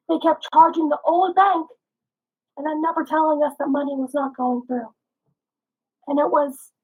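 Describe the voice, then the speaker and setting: A young woman with a slightly rough voice, giving a frustrated, earnest consumer testimonial in answer to questions. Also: high voice, rough recording. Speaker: customer giving a review.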